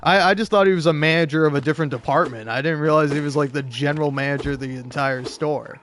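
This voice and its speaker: A man's voice: fairly high pitch, fast, a bit bright, slight background noise. A young man telling a rambling, profane story in casual chat, with frequent laughs. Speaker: streamer. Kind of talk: casual storytelling while gaming.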